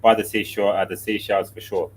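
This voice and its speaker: A man's voice: fairly low pitch, flat delivery, a little fast, a little hiss or hum. A man co-hosting a casual morning livestream, laid-back, mumbling a little and chuckling at himself. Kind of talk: casual chat.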